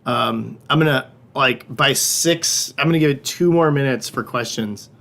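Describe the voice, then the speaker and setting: A man's voice: mid-range voice, unhurried, gravelly, fairly bright tone. A middle-aged man hosting a livestreamed wine tasting class. He talks in a casual, joking, loose way and swears now and then. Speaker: wine shop host.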